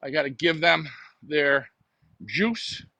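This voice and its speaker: A man with a high, bright voice hosts a casual pigeon racing live stream, cracking jokes and rambling to his viewers. He talks into a phone he carries while walking out to his backyard loft at night. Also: slow pace, creaky. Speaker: pigeon racing show host.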